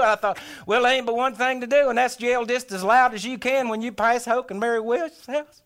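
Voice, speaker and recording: A man telling a humorous tall tale in a folksy, animated way, acting out his own thoughts aloud. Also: sits high, fairly quick, few pauses. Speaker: storyteller.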